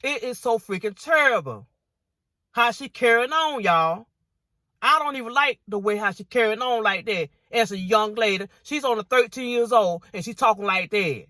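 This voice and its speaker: A woman's voice: a little high, animated, normal speed, pushed and bright, no echo, studio quality. A woman vlogger giving indignant reaction commentary on viewer comments, repeating herself and saying y'all often.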